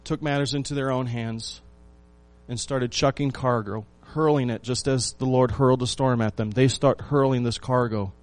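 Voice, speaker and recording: A man's voice: medium pitch, fairly even intonation, normal speed. Male pastor preaching with emphatic questions. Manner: rhetorical questions to the congregation; emphatic repetition, swings between loud and hushed. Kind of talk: sermon.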